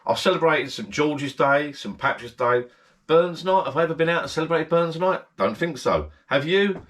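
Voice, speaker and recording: A man's voice: fairly high pitch, expressive, normal speed, fairly bright tone. A man hosting a casual vlog from his backyard garden shed bar, rambling and repeating himself as he chats straight to his viewers. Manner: rambling, repeats himself, friendly direct address. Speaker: channel host.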